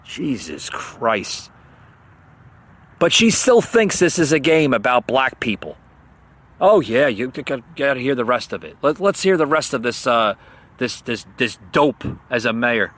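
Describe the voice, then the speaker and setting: A man's voice: mid-range voice, sing-song, measured pace, fairly bright tone. A man hosting a podcast, ranting heatedly about politics, stammering and repeating himself as he gets worked up, with bursts of mocking sarcasm. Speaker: podcast host.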